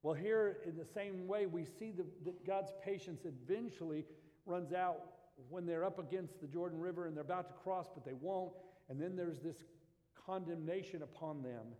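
A man's voice: high-pitched, normal speed, warm tone, big-room sound. A man preaching a Sunday sermon, reading scripture and rising to impassioned pleas. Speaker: pastor.

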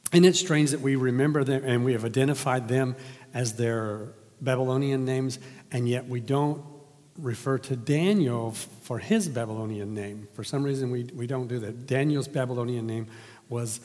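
A man's voice: mid-range voice, moderate pace, a little mellow, big-room sound. A man preaching a sermon in a conversational way, asking the congregation questions and then reading from scripture. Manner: conversational, asks the audience questions.

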